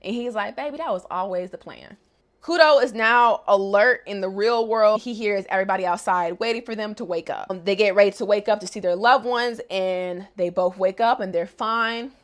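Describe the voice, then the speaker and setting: A woman's voice: medium pitch, moderate pace, few pauses. Young woman anime recapper, casual, slangy, jokey delivery. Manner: chatty, slangy, joking.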